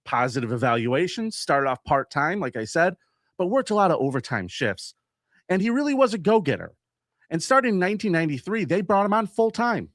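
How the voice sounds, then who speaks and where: A man's voice: fairly quick, dry recording, studio quality. A man co-hosting a podcast, telling a true-crime story in casual banter and acting out quotes. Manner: animated, acts out quotes with big jumps in pitch. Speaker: podcast co-host.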